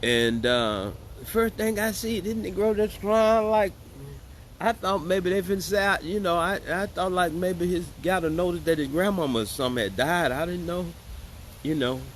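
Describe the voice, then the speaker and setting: A man's voice: sits high, moderate pace, slight background noise. Joking, sarcastic man hosting casual commentary. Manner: joking, sarcastic and chatty, addressing viewers as y'all. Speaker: host.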